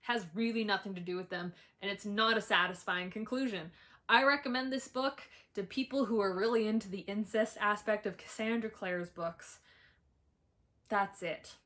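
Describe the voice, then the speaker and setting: Brief: young woman, bright voice, blunt and sweary, frequent laughs, book-rant vlogger at home. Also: mid-range voice, normal speed. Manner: blunt, sweary, laughs often, animated outbursts. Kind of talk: ranting book review.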